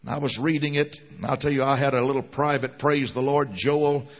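A man's voice: medium pitch, steady tone, fairly quick. A man preaching a sermon with an emphatic, fervent delivery. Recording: dull lo-fi sound with long hall reverb.

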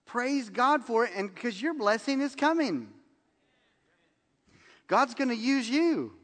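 High-voiced preacher in an echoing hall. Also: male voice, takes it slowly. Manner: animated storytelling, acts out quotes with laughs. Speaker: pastor. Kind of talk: sermon.

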